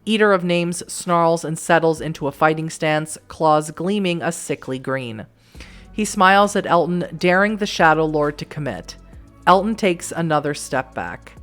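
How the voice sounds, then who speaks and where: A woman's voice: low-pitched, expressive, normal speed, soft background music. A woman streaming a story game, reading its narration aloud and reacting with casual, wry asides. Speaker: let's play streamer.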